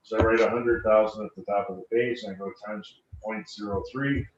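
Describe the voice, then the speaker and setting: A man's voice: lowish voice, steady tone, brisk. Man telling stories on an echoey call. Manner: storytelling, repeats phrases for emphasis. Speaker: financial sales panelist. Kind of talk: panel talk with anecdotes. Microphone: video call computer mic. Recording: echoey, distant, dull lo-fi call audio, faint hiss.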